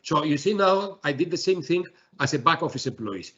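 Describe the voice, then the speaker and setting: Man, webinar software demo, halting with fillers, husky voice, dull lo-fi sound. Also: fairly high pitch, lively intonation. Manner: halting, many fillers and restarts. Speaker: software presenter.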